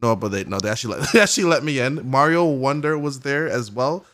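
A man's voice: mid-range voice, fast talker. A man co-hosting a casual gaming podcast, rambling through an event recap with lots of "like" fillers and acted-out reactions. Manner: rambling, heavy use of "like" fillers; excitable storytelling, acts out characters' reactions. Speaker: podcast co-host. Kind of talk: casual chat.

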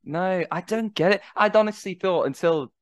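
A man co-hosting a casual podcast, enthusiastic and quick to laugh. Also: high voice, no echo, clean studio sound. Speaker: podcast co-host. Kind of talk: casual chat.

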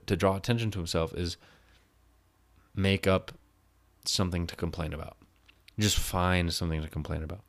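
A man telling a work story in a casual, exasperated rant, swearing freely and getting louder as he vents. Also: sits low. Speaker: vlogger.

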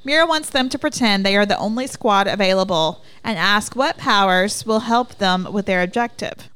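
A woman co-hosts a casual book podcast. She recaps chapters, reads passages aloud and drops chatty asides. Her voice is smooth and clear, recorded close and dry. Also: mid-range voice, a bit bright, no echo. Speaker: podcast co-host.

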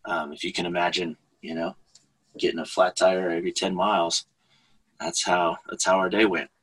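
A man chatting as a guest, telling a story in an animated way and laughing often. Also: sits low, moderate pace, slightly rough, rough recording. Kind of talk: casual storytelling in conversation.

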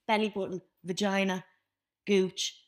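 A young woman co-hosting a podcast, chatting casually in a blunt, crude and animated way. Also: mid-range voice, a little slow. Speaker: podcast co-host. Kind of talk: casual chat.

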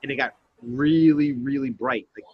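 A man's voice: medium pitch, moderate pace, muffled recording, a little hiss or hum. A man telling a story in casual podcast chat, swearing freely and acting out the lines he quotes. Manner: profane, animated storyteller who acts out quotes.

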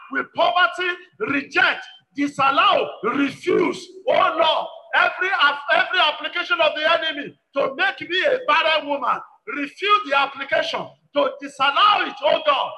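Preacher guy, really high sharp voice, yelling prayers over and over, echoey church hall. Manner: shouted, repetitive commanding prayer. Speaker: pastor leading prayer. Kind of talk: sermon with fervent prayer. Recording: echoey hall with long reverb.

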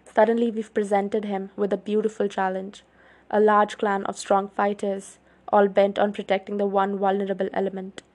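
A grim young male vampire speaks low and evenly in a story read aloud, voiced by a woman. The pitch barely moves and the tone stays dark and guarded. He sounds protective and brooding throughout. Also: completely flat delivery, moderate pace, close to an everyday voice.

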